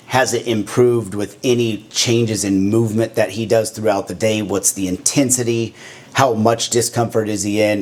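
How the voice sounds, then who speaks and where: Lowish guy walking through how a system works, plain and steady. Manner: plain, step-by-step explaining. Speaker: tour guide explaining a clinic's check-in system. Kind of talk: explanatory walkthrough.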